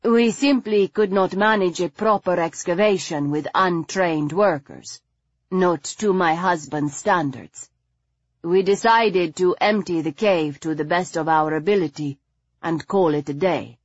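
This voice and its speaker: Woman voicing a refined gentle aristocratic lady. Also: on the low side, no echo, dull audio. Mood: measured. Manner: measured, gently chiding.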